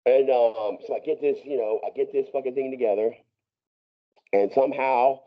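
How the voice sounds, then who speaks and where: A man's voice: medium pitch, fairly even intonation, moderate pace, lo-fi sound. A man telling a long story as a podcast guest, profane and rambling, with many restarts and laughs. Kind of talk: casual storytelling.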